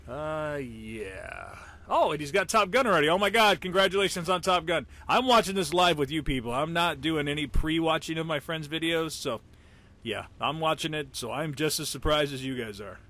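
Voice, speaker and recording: A man giving live, joking commentary over a friend's tank battle, reacting loudly to hits and misses and teasing the player. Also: a little high, a little fast. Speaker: gameplay commentator.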